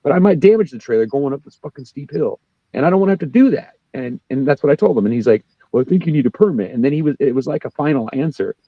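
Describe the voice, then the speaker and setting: A man in casual chat, talking fast and cursing a lot, his pitch jumping up when he gets worked up. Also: expressive, dry recording, narrow, tinny audio. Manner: profane, ranting, quick, jumps up in pitch when worked up.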